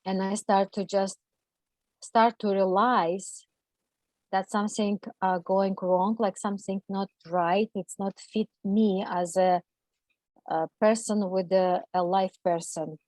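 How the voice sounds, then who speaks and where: Woman recounting a loss, halting speech. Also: medium pitch, steady tone, warm tone, no echo, poor audio. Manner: halting and emotional, with many fillers and restarts; non-native English grammar. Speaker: guest. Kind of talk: personal account in an interview.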